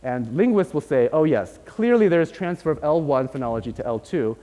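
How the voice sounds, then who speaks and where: A man's voice: a little high, lively intonation, fairly quick, mellow. A man giving a university lecture, explaining step by step and often checking in with "right?". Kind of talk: academic lecture. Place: lecture hall. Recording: long hall reverb.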